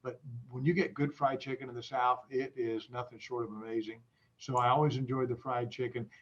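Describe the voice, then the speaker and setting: Male guest, mid-pitched, halting and friendly, on slightly dull video-call audio. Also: flat delivery, a bit bright. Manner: halting, many restarts and fillers, friendly. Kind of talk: casual video-call interview.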